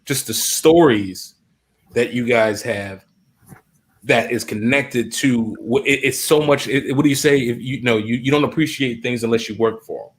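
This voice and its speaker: A male host speaking in casual interview talk, halting with many restarts. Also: mid-range voice.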